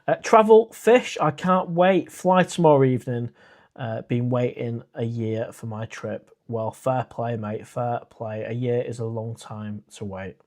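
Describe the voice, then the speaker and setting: A man's voice: mid-range voice, measured pace, a little mellow. A man hosting a casual live stream. He reads out viewer comments and chats back in a rambling way, with plenty of "uh" and restarts. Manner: chatty and rambling, with frequent "uh" and restarts.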